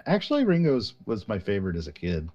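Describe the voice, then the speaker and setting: A man's voice: lowish voice, wildly swooping pitch, fast, a little mellow, muffled recording. A man chatting easily with his gaming group in a voice chat, dropping light jokes. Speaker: game player. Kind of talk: casual chat.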